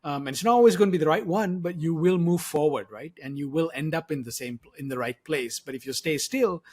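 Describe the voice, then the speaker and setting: A man's voice: a little high, a little fast, breathy edge. A man hosting an interview podcast who affirms his guest, reflects on what she said and asks open questions. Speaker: podcast host. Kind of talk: conversational interview.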